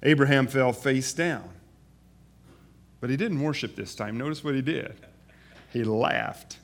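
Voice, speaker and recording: A man preaching a sermon, reading scripture aloud and dropping to quiet, earnest asides to explain it. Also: medium pitch, a little slow, creaky, pauses often. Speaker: pastor.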